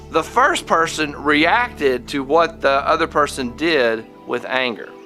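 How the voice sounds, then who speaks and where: A man's voice: a little high, sharp tone. A man hosting a podcast, giving a casual spoken lesson, often restarting his sentences and acting out the quoted lines. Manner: halting, many restarts, acts out quoted lines. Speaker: podcast host.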